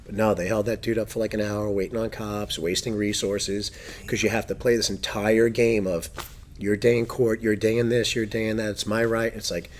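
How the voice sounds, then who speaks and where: Low-voiced, animated middle-aged man. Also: normal speed, slight background noise. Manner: animated, profane storyteller who laughs often. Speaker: podcast host. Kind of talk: casual chat.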